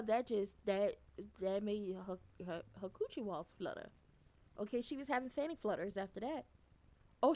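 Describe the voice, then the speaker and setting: A woman giving a casual, animated recap, blunt and profane, and she gets loud for emphasis. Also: on the high side. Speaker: soap opera recapper.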